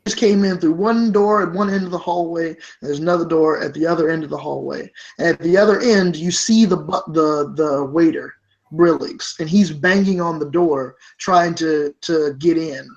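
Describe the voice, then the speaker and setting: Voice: medium pitch, normal speed, lo-fi sound. A game master narrating a tabletop game, with rambling, self-correcting descriptions and many fillers.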